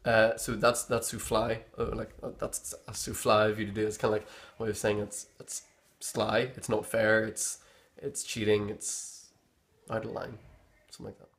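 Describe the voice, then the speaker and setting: A man's voice: lowish voice, little pitch movement, normal speed, fairly bright tone. A young man with a Northern Irish accent, explaining local slang in a rambling, easygoing way as he searches for words. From Northern Ireland. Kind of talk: casual explanation.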